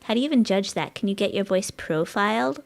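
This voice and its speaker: A woman's voice: medium pitch, animated, quick pace, vocal fry. A woman streaming live, rambling in casual chat with her viewers and giggling often, her voice a bit strained. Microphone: dynamic studio mic.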